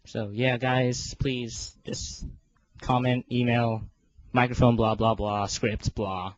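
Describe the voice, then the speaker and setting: A man's voice: mid-range voice, little pitch movement, slow pace, dull audio. A teenage boy in a casual vlog, rambling and self-deprecating, with lots of fillers and restarts. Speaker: video creator organizing a fan voice series.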